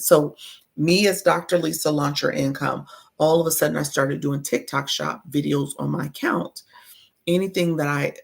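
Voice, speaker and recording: A woman's voice: sits low, creaky, husky. A woman coaching creators on a casual livestream, chatty and greeting her viewers as friends while reading their comments.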